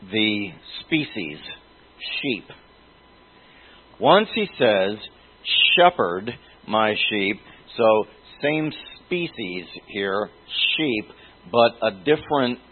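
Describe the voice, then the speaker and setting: A man gives a slow Bible-teaching sermon, his voice husky and a little rough. He moves deliberately, circling back to restate phrases as he reaches for the right word. It all comes through a narrow, tinny, phone-like recording. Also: lowish voice. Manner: deliberate, restates phrases while searching for words.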